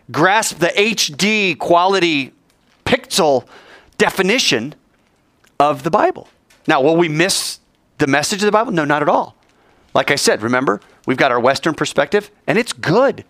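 Male preacher, sermon, animated delivery, dry close sound. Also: a little high, no echo. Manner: animated storytelling, questions the audience.

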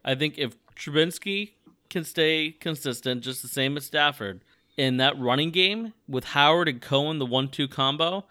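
Bright, clear-voiced man talking football. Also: a little high, moderate pace. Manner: excited, rambling with restarts. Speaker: podcast co-host. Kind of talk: casual sports chat.

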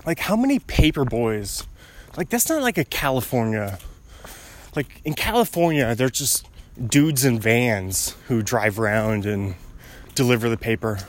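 A young man thinks aloud on a morning walk outdoors and drifts from one idea to the next with easy chuckles. His voice swoops up and down, yet he talks at a slow, unhurried pace. It sounds like a relaxed, handheld street vlog. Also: mid-range voice, a little hiss or hum. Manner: wandering, musing, chuckles often. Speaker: vlogger. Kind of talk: casual rambling monologue. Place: outdoors on a residential street, walking.

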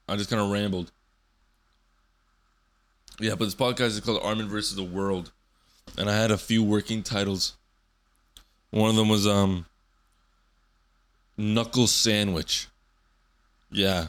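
A man's voice: on the low side, a bit bright. A man in his twenties hosting a solo podcast, rambling loosely and swearing often. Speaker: podcast host.

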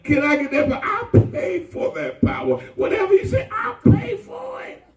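A man voicing a greedy grown man who pleads to buy spiritual power, rising to shouts. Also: extremely high pitch, huge pitch swings, normal speed, soft background music, pitched above the performer's own voice, exaggerated voice. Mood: eager, pleading. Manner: pleading, then shouting eagerly. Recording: echoey room from far off.

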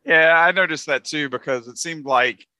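A man co-hosting a casual movie review chat, talking in halting bursts full of fillers and restarts. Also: on the high side, bright, forceful tone, dry recording. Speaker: podcast co-host.

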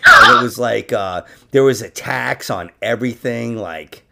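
A man's voice: medium pitch, measured pace, gravelly, very noisy. A man hosting a podcast in loose, casual chat, swearing freely and getting worked up about sports. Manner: loose, swearing, excitable, laughs often. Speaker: podcast host.

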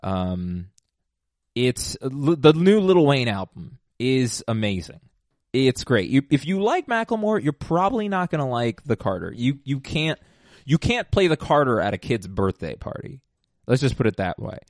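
A man's voice: medium pitch, sing-song, normal speed, dry recording, clean studio sound. A man hosting a casual rambling monologue, digressive and self-mocking, with many fillers and restarts. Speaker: podcast host.

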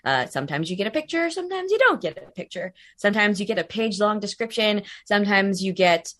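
A woman's voice: medium pitch, very animated, quick pace, a bit bright. A woman voice actor talking casually in an interview, rambling with many fillers and restarts, laughing easily. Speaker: voice actor guest.

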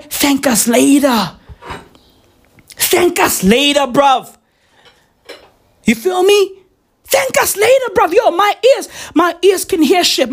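Man, very high voice, swooping intonation, excitable profane rant, bursts of shouting. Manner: excitable, rambling, breaks into shouts.

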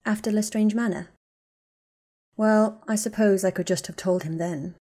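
A woman's voice: mid-range voice, fairly even intonation, normal speed, mellow, natural voice. A woman reading the lines of a guarded, bitter young wizard man in a storybook, speaking in terse, clipped lines.

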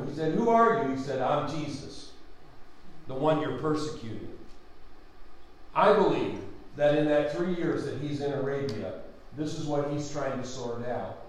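A man's voice: lively intonation, measured pace, roomy sound, a little hiss or hum, poor audio. Fervent male Bible teacher. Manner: fervent, exclaims hallelujah and amen; swings between loud preaching and low, quiet explaining.

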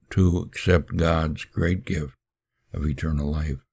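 Very deep gravelly male preacher. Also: steady tone, darkish tone. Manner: solemn, measured preaching. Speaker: podcast host and preacher. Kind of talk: sermon storytelling.

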